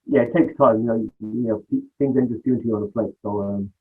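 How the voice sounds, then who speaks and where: A man's voice: fairly low pitch, steady tone, quick pace, husky. A man, a podcast guest telling stories casually, rambling and acting out the dialogue he quotes. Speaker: podcast guest, music producer. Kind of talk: casual storytelling interview. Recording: tinny phone-like line.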